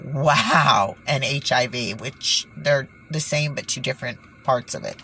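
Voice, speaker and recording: A woman's voice: a bass voice, unhurried, pushed and bright, a little hiss or hum. A woman hosting her own channel, talking in an exasperated, indignant way, sighing and stumbling over words as she reads from news reports. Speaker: channel host. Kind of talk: indignant vlog commentary.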